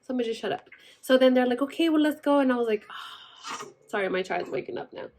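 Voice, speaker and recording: A woman's voice: fairly high pitch, animated, fast, a little mellow. A young woman casually telling a personal story, chatty and full of "like", acting out what everyone said. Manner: chatty, full of "like" and acted-out quotes. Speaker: vlogger telling her birth story.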